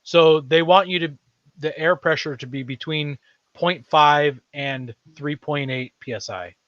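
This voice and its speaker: A man's voice: a little high, unhurried, fairly bright tone, no room sound, highs cut off. A man hosting a podcast in casual chat, rambling and thinking aloud as he talks. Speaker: podcast host.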